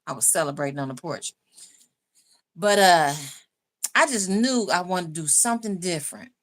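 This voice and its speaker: A woman's voice: fairly low pitch, expressive, normal speed, fairly bright tone. A woman hosting a casual livestream, chatting loosely with viewers, laughing often and reading out their comments. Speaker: YouTube livestream host. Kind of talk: casual live chat with viewers.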